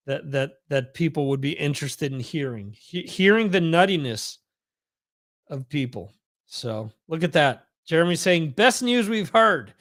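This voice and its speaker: Guy hosting a live stream podcast, slow and rambly, kinda high voice, reads the chat out loud. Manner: rambling, repeats words, reads chat aloud. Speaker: podcast host.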